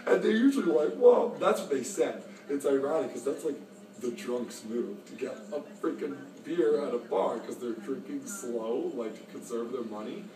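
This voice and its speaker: A man's voice: mid-range voice, animated, normal speed, darkish tone. A man talking in a rambling, disjointed way, full of filler words, while intoxicated, in a motel lobby. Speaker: motel guest. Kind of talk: rambling monologue. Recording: echoey room, distant phone, background noise.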